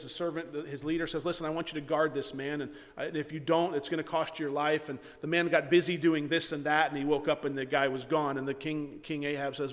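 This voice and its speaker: A man's voice: on the high side, in a large hall. A man preaching a sermon, reading scripture and retelling it by acting out the characters' lines in his own words. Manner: animated, acts out characters' lines in paraphrase. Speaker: pastor.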